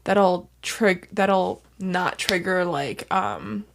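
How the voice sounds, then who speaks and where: A woman's voice: on the low side, drawn-out words, creaky. Chatty young woman, just woken up. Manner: rambling, chatty, many fillers. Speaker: guest, host's fiancée. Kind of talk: casual morning chat.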